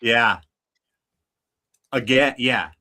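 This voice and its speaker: Bright-voiced, laid-back male co-host. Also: mid-range voice, very slow. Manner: laid-back, laughs easily, swears casually. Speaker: podcast co-host. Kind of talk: casual live watch-along chat.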